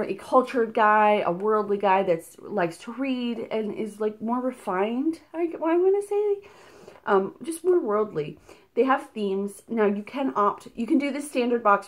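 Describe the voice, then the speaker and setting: Woman, casual unboxing vlog, chatty, excitable, gushing, slightly out of breath, mid pitch. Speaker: subscription box reviewer. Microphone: camera mic, filming at night indoors.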